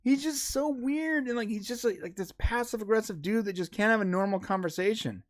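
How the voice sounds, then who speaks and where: A man's voice: sits high, a little fast. A man co-hosting a casual podcast livestream, telling a story and acting out both sides. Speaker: podcast co-host.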